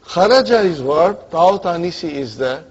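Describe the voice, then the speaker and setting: Husky high-voiced man teaching grammar. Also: animated, normal speed. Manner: drills students with questions and checks they follow; mixes English with Arabic grammar terms. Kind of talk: classroom lecture. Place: classroom with students. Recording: dull lo-fi classroom recording.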